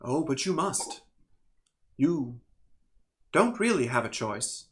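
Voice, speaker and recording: A man voicing a calm male air elemental spirit who speaks softly and slowly. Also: medium pitch. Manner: slow, soft, calm.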